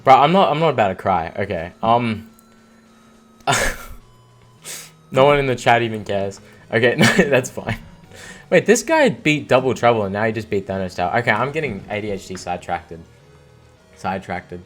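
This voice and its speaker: A young man giving casual commentary on his own gameplay, rambling and excitable, full of "like" and "dude.". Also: on the low side, normal speed, long pauses, soft background music. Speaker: let's play gamer.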